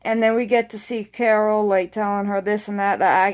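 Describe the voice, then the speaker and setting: A woman casually recapping a TV episode, rambling excitedly and swearing freely. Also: mid-range voice, normal speed, few pauses. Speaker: TV episode reviewer.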